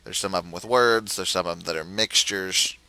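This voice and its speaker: Low bright-toned man explaining a game. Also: fairly quick, rough recording. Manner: explanatory, thinking aloud with frequent "uh" and self-corrections. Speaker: game tutorial presenter. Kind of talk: screen-recorded game tutorial.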